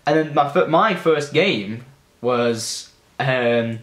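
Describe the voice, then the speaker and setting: A young gaming vlogger tells childhood stories in a chatty, loose style, swearing freely and using lots of fillers. His voice is mid-range and fairly bright, and he takes his time, heard in an echoey room.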